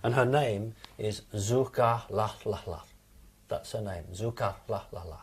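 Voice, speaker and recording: UK-born man, low and husky, explaining in a plain matter-of-fact way. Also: a little slow. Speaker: interview guest. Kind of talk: recounting personal experiences.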